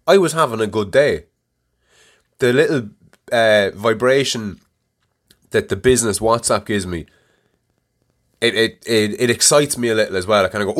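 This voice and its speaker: A middle-aged man hosting a podcast, telling a story in a casual, profane and animated way. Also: mid-range voice, moderate pace. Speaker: podcast host. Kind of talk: casual monologue.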